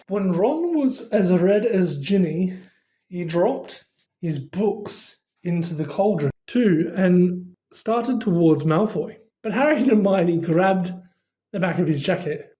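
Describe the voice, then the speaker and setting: A reader narrating a fantasy storybook, lifting and dropping the pitch to give each character their own voice. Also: unhurried, mellow, highs cut off. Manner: shifts pitch for quoted characters. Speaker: audiobook reader.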